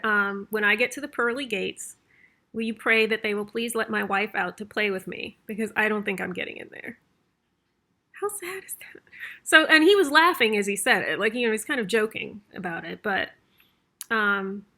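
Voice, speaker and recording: Chatty woman with a gravelly bright voice. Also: medium pitch. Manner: chatty, rambling with fillers and laughs. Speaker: vlogger. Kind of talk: casual storytelling.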